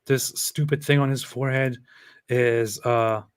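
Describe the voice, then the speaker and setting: A man's voice: medium pitch, fairly even intonation, measured pace, smooth, no room sound. A man hosting a casual livestream, reading news aloud with wry, sarcastic asides. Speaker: host.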